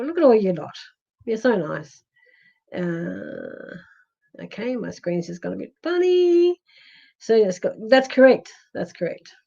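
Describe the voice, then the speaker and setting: Her voice is medium in pitch, gravelly and dark, captured in dull audio. She's an Australian psychic medium on a livestream, reading viewers' comments in a chatty, soothing manner, with plenty of ums and restarts.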